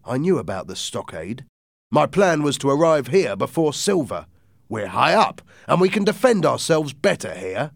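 A man's voice: mid-range voice, big pitch swings, moderate pace, creaky, no echo, studio quality, pitched above the performer's own voice. A man voicing a stern, commanding ship captain who gives clipped orders in a raised voice.

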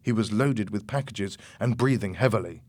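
A man narrating an audiobook chapter in a slow, measured, clear reading. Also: fairly low pitch, a little mellow, no room sound.

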